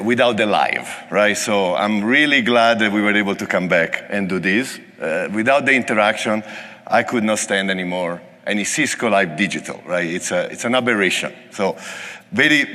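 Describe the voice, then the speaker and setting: An Italian-accented man gives a technical talk in a large conference hall, and his voice carries a long, echoing reverb. He speaks with a bright, forward tone and keeps things casual and joking. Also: medium pitch. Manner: joking, conversational. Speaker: conference presenter.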